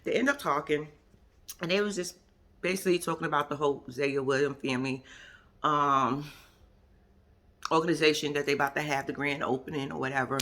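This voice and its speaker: A woman's voice: low-pitched, brisk, long pauses, fairly bright tone, a little hiss or hum. A woman giving a casual, sassy spoken recap of a reality TV episode as a vlogger. She acts out what other people said and drops into whispered asides.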